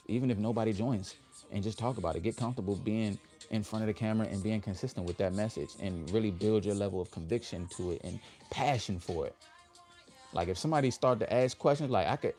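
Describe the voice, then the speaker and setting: A man with hosting a motivational livestream, leading affirmations with his audience in an upbeat, drawn-out way. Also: fairly low pitch, mellow. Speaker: livestream host.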